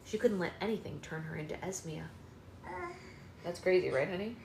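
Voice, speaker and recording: A woman's voice: fairly low pitch, normal speed, creaky, a little mellow, slight background noise. A woman hosting a live book-club read-aloud at home, reading and chatting playfully with her toddler. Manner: playful, coaxing baby-talk. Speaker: book club host and mother. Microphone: phone livestream. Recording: roomy room echo.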